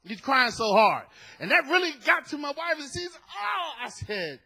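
A middle-aged male pastor preaching a sermon through a story, swinging from hushed telling to loud shouted points and acting out the people in it. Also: very high-pitched, very animated, normal speed. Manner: acts out the people in his story with voices.

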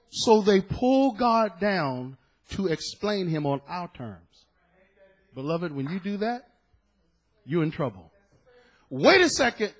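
Impassioned preacher, husky man's voice. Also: sits high. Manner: impassioned preaching, swinging from hushed to shouting. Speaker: pastor. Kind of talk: sermon. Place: church.

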